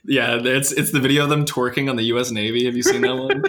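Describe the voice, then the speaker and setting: A man's voice: medium pitch, steady tone, quick pace, noisy background. A young man hosting a casual podcast, cracking wry jokes and steering the talk. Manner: joking, wry asides with laughs. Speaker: podcast host. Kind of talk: casual chat.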